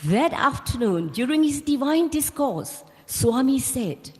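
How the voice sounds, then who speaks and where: A woman's voice: sits high, lively intonation, measured pace, darkish tone, slight background noise. A middle-aged woman giving a devotional talk, telling her personal story in an earnest, storytelling way. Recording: long reverb of a large hall.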